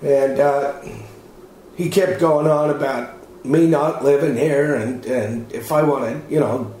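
A man's voice: medium pitch, steady tone, slow pace, darkish tone. A man giving a witness statement, rambling and repeating himself in a plain-spoken casual account. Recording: heavy echo, faint background noise.

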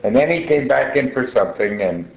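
Gravelly older man, halting speech. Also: mid-range voice, expressive. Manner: halting, repeats words, trails off. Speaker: interviewee. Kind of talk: recorded interview at home. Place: front room of his home. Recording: muffled, echoey room recording.

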